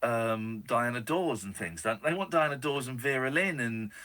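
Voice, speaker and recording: A man's voice: medium pitch, lively intonation, moderate pace, pushed and bright. Rambling late-night radio host, man. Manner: rambling, self-deprecating, with many restarts. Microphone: studio microphone.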